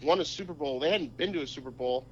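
A man in his forties from Minnesota, a podcast guest telling sports stories in a casual, animated way. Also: fast talker, highs cut off, a little hiss or hum. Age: 40s. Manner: animated storyteller, pitch jumps when excited. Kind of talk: casual chat.

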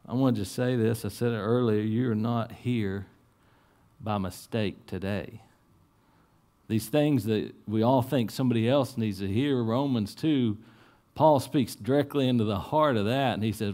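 A man delivers a sermon from the pulpit at an ordinary, middle pitch. He sounds earnest throughout. He sinks into quiet, low asides and then climbs into raised, urgent appeals. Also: unhurried. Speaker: pastor. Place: church.

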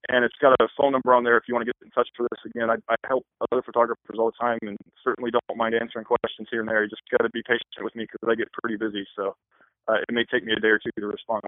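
Man, wedding photographer, rapid rambling talk, tinny phone line. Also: mid-range voice, flat delivery, no echo. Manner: fast, rambling with many restarts. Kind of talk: interview answers.

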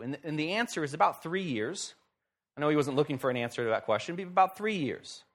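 A man pastor giving a sermon in a conversational, lively way with wry humor. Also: on the high side, fairly quick.

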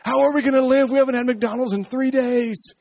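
A man's voice: very high voice, steady tone, a little fast, gravelly, darkish tone, dry recording, pitched above the performer's own voice. A man voicing his own complaining, hungry stomach as a melodramatic, whining figure in a sermon. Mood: whiny.

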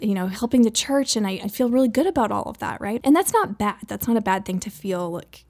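A woman in her thirties speaks straight to her listeners, telling a personal faith story in an earnest, emotional way. Her voice sits at an ordinary middle pitch, and she laughs often between phrases and leans on casual fillers. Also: darkish tone. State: near tears.

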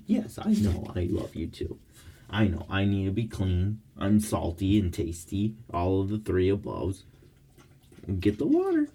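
A man, the host of a podcast, chatting in baby talk to his pet dog in a studio, his voice swooping up into high squeals. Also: dark tone, a little hiss or hum. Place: recording studio.

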